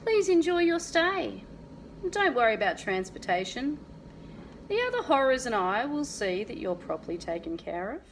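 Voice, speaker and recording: A woman reading aloud and voicing a gruff, creepily polite male monster in a costume. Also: very high-pitched, big pitch swings, normal speed, fairly bright tone, slight background noise, heavily acted, rough recording.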